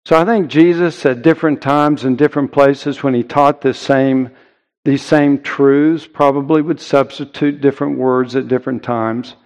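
A man preaching a sermon in an earnest, emphatic way, with deliberate pauses. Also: mid-range voice, steady tone, darkish tone, lo-fi sound. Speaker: pastor.

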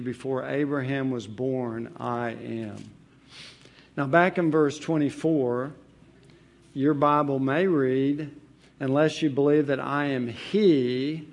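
A man preaching a sermon as pastor, reading verses aloud and stressing key words. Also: medium pitch. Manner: emphatic, reads scripture aloud.

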